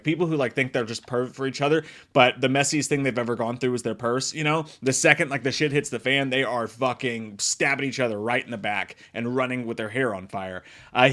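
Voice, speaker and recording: A man casually reviewing a horror movie, swearing freely and acting out lines in loud shrieking voices. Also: mid-range voice. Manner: profane, animated, acts out quotes in big shrieking voices. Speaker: movie review podcast host. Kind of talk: casual spoiler review chat.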